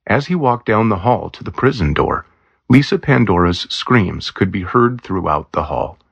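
A man reading a story aloud in plain, even storybook narration. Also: fairly low pitch, moderate pace, vocal fry, slightly rough, dry recording, muffled recording.

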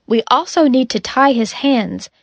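A woman's voice: fairly high pitch, expressive, moderate pace, gravelly, no echo. A woman voicing an insistent female doctor.

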